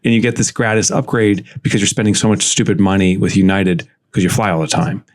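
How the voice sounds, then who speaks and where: Low-voiced chatty male podcast co-host. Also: flat delivery, quick pace. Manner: chatty, rambling, self-mocking. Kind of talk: casual podcast chat. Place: home office.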